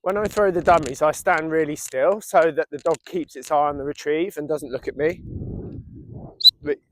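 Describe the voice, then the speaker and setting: Brief: English dog trainer, slightly higher voice, steady instructional lesson outdoors, faint background hiss. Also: male voice, normal speed. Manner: calm explanatory, giving short commands to a dog. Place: outdoors in a field.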